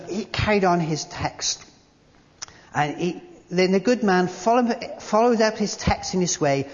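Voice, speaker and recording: A preacher giving a sermon at a church service, telling a story in an animated way and then speaking quietly and intimately. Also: medium pitch, measured pace. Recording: long church reverb, dull lo-fi sound.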